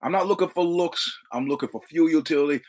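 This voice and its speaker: A man's voice: fairly high pitch, fast. A man hosting a podcast, telling a casual story with profane, repetitive, punchy delivery. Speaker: podcast host.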